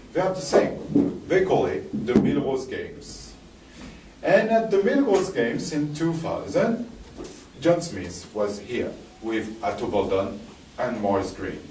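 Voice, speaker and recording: A man's voice: mid-range voice, a little mellow, a little hiss or hum. A man with a French accent giving a live talk, telling a personal story with many restarts and fillers, recorded in a library hall. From France. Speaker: presenter. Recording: echoey hall from far off, faint ambience.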